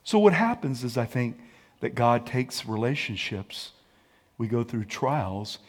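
A man preaching a sermon, leading the congregation in call-and-response and swinging from hushed to shouted lines. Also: medium pitch, very animated, unhurried. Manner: sings and hums snatches of a song. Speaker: pastor.

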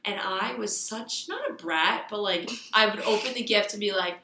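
A woman's voice: mid-range voice, normal speed, sharp tone, echoey room, slight background noise. A young woman in her twenties co-hosting a casual chat, telling rambling stories with lots of fillers. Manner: rambling storyteller, many fillers. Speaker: podcast co-host.

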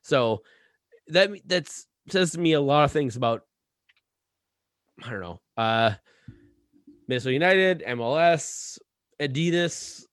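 A man's voice: a little high, expressive, a little slow, long pauses, a bit bright, no echo, clean studio sound. A man co-hosting a podcast, rambling and cursing with many restarts as he rants. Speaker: podcast co-host. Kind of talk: casual podcast chat.

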